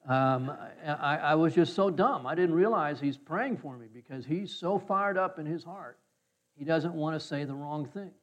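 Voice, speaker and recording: A man's voice: a little high, moderate pace, fairly bright tone. Folksy male preacher, muffled sound. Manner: folksy storytelling, acts out quoted voices. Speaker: pastor. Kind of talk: sermon with personal story. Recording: slightly dull, muffled sound.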